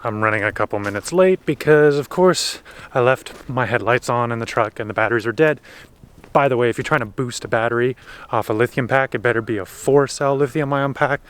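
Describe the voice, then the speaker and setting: Male vlogger, mid-pitched, casual and rambling, recorded on the camera mic outdoors. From Canada. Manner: rambling, self-interrupting, laughing at his own frustrations. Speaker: vlogger living on a boat. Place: outdoors on the water and at a horse paddock.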